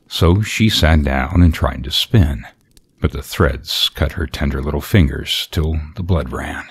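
A man reads a fairy tale aloud, gentle and measured. His voice is extremely deep and husky, and he takes it very slowly. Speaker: storyteller. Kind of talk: slow, soft fairy-tale narration.

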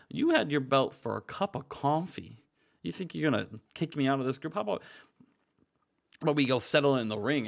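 A man's voice: medium pitch, vocal fry. A man playing a cocky veteran male pro wrestler who brags about his titles and challenges a rival. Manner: boastful, challenging.

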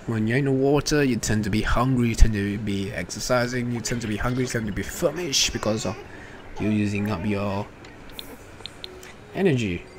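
A man giving casual, playful commentary over his gameplay, chatting and cheering on the characters on screen. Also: fairly low pitch. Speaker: let's play gamer. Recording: noisy home recording.

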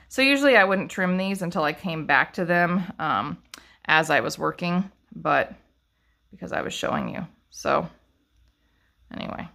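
A woman who owns a craft shop chats loosely on a live stream, filling her talk with ums and false starts. Her voice sits low, with a gravelly fry and a bright, forward edge. She sounds like she is holding the phone herself. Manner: chatty and rambling, with frequent ums and restarts. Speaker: fiber craft shop owner and teacher. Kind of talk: casual live-stream chat.

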